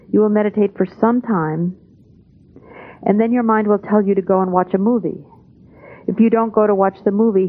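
A woman gives a steady spoken translation of a spiritual talk, calm and measured, her pitch in the ordinary middle range for a woman. The sound is thin and narrow, like an old tape heard over a phone line.

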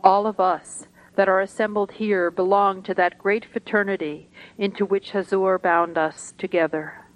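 Woman slowly reading a spiritual talk. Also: mid-range voice, low-quality recording. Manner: slow, deliberate, measured reading. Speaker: reader at a spiritual gathering.

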